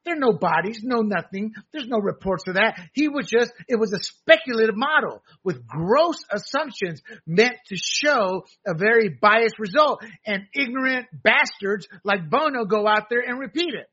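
A man's voice: high voice, sing-song, moderate pace, hardly any pauses, sharp tone, husky, dull audio. A man delivering an opinionated, combative political monologue as a show host, ranting emphatically. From United States.

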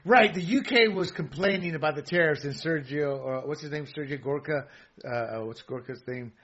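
A man chatting casually about politics, animated and laughing, with many stammered restarts and fillers. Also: on the high side, normal speed. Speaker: co-host. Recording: dull lo-fi audio.

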